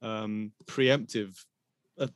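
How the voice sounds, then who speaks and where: A man's voice: on the low side, fairly even intonation, drawn-out words, no room sound. A man hosting a podcast in a casual, rambling way, trailing into hesitations and breaking into laughter. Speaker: podcast host.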